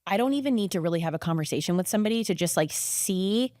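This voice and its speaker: A young adult woman, a podcast guest in casual conversation, talking quickly and filling her sentences with "like" and "you know what I mean.". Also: on the low side, expressive, darkish tone, dry recording, clean studio sound.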